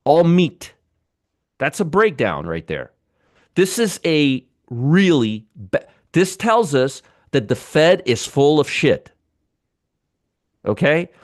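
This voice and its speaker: A man's voice: fairly high pitch, sing-song, slow pace, dry recording, clean studio sound. A man hosting a live trading show, giving blunt, sarcastic market commentary and bantering with chat viewers. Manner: blunt, swears freely.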